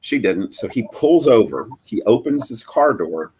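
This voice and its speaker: A middle-aged man telling a personal story as a guest in a live interview, halting and earnest, with many fillers and restarts. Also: lowish voice, sing-song, darkish tone, a little hiss or hum. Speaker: guest, bereaved father.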